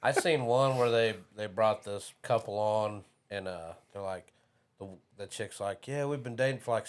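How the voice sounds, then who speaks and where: A man's voice: mid-range voice, smooth. Laid-back man telling a dry story. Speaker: podcast co-host. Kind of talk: casual chat.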